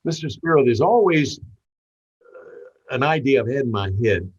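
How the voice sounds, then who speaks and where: Older Southern man, husky storyteller. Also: mid-range voice, sing-song, takes it slowly, dull audio. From Tennessee. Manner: warm anecdotal storyteller with repeated restarts. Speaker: guest, veteran radio DJ. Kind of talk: storytelling interview.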